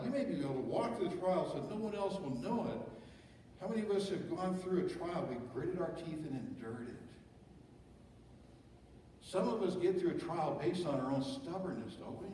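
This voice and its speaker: A pastor with a high but dark-toned voice delivers a sermon in a church sanctuary, preaching conversationally with rhetorical questions. It's recorded from a distance in an echoey hall with slight background noise.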